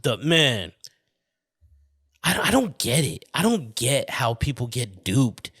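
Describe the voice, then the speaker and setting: A man's voice: medium pitch, big pitch swings, slow, long pauses, a bit bright, breathy edge, no room sound, clean studio sound. A man from the American Southwest hosting a podcast, a little drunk, rambling, swearing and stumbling over his words. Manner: profane, stumbling, tangent-prone. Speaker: podcast host. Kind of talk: casual rambling podcast monologue.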